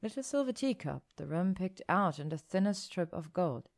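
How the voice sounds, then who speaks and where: A woman narrating an audiobook story in a calm, even, descriptive manner. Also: on the low side, moderate pace.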